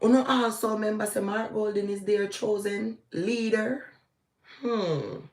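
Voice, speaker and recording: A middle-aged Jamaican woman with a Jamaican accent, giving heated live political commentary that swings between slow, emphatic outbursts and quick asides in patois. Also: mid-range voice, reverberant. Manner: animated, ranting, shifting into patois. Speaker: vlogger.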